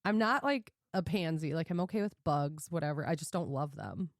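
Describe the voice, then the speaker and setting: A lively woman in her thirties telling a story on a podcast. She laughs often and plays out her own lines with big swoops in pitch. The sound is dry and close, with no room echo. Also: fairly quick. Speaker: podcast co-host. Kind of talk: casual storytelling chat.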